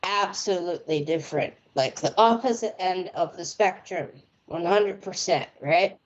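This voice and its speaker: A woman's voice: fairly low pitch, normal speed, lo-fi sound. An American woman reading palms on a live stream in a chatty, rambling way, often laughing as she talks. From United States. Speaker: palm reader and tarot reader. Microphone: remote internet connection.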